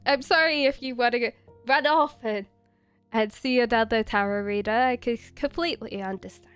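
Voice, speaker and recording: A woman's voice: fairly high pitch, moderate pace, a bit bright, clean tone, faint music behind. A woman with an Australian accent blended with British, chatting casually on a live stream as a tarot reader, rambling and giggling with lots of fillers. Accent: Australian mixed with British.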